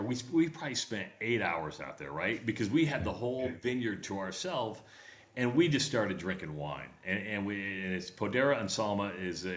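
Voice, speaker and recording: Man telling a travel story, roomy sound. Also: lowish voice. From Nebraska. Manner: animated storyteller, acts out quoted voices. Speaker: radio show co-host. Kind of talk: casual chat, storytelling.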